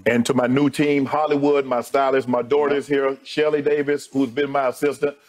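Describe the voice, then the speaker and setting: A middle-aged man, a TV sports debate co-host, giving an emotional on-air farewell and thanking his colleagues one by one, his voice sinking low as he speaks. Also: level tone, normal speed, darkish tone.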